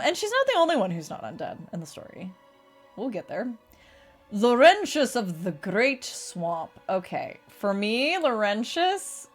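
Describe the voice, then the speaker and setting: Young woman streamer, casual chat, slow easygoing pace, laughs and swears freely. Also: high voice, gravelly. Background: faint music.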